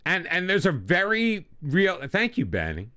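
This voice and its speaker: A man's voice: sits high, wildly swooping pitch, measured pace, pushed and bright, dry recording, studio quality. A man commenting casually on his own game as he plays, getting frustrated and talking back to it. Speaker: gaming channel host.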